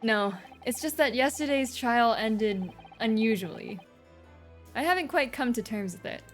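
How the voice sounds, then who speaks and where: A woman's voice: on the high side, expressive, a little slow, faint music behind. A woman voicing a polite, composed young female legal assistant, courteous and earnest.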